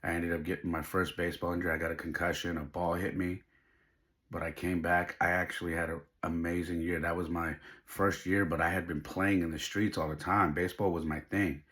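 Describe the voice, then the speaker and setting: Deep-voiced man telling a heartfelt story. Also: level tone, a little fast, a bit bright. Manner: emotional, heartfelt, faith-driven. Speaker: podcast host. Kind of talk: personal storytelling monologue.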